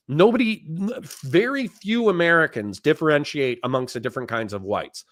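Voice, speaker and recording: Young guy streamer ranting, swears a lot, dry close mic, pitch jumps around. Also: no echo. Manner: profane, animated, rhetorical questions. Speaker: host. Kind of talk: livestream commentary.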